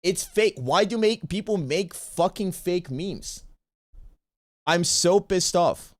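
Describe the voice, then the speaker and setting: A man's voice: sits high, expressive, slow, no echo, clean studio sound. A man streaming a watch party who rants in casual chat, swearing often and repeating himself. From Bosnia.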